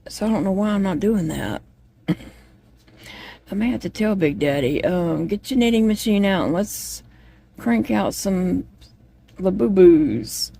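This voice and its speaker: A woman's voice: on the low side, mellow, husky. A woman chatting casually to viewers while she crochets at home, rambling from one thought to the next. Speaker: vlogger.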